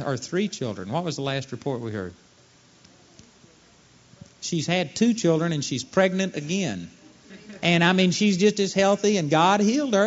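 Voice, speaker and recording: A male preacher with a high, lively voice that swoops up and down as he acts out the people in his stories. The sermon comes through a dull, lo-fi recording. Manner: animated preaching, acting out quoted voices.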